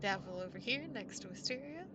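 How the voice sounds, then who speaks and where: A woman's voice: medium pitch, brisk, a little hiss or hum, rough recording. A woman playing a tabletop game, chatting casually with lots of laughter and casual swearing. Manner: giggly, animated, swears casually. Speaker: player.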